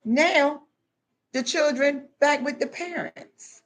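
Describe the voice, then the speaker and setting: A woman's voice: medium pitch, moderate pace. A woman talking straight to camera in a casual vlog, telling stories bluntly and preaching in emphatic asides. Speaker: spiritual vlogger.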